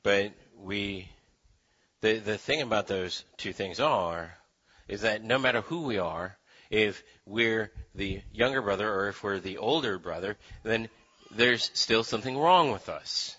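A male preacher gives a loose, joking sermon to a room of listeners, acting out the characters as he goes. His voice is very bright and forward. The recording sounds a bit dull. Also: lowish voice, unhurried, husky. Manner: animated, joking, acts out voices. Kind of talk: conversational sermon. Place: room with live audience.

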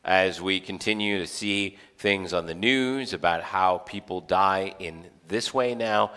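This pastor preaches a sermon in a church in a conversational way, tossing in joking asides and often restarting his sentences. His voice sits low with a fairly bright tone, and a long hall reverb surrounds it.

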